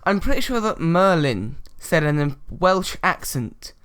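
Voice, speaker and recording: A woman's voice: lowish voice, sing-song, measured pace, clear, resonant tone. A woman co-hosting a casual gaming chat, making dry, sarcastic quips. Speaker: gaming video co-host.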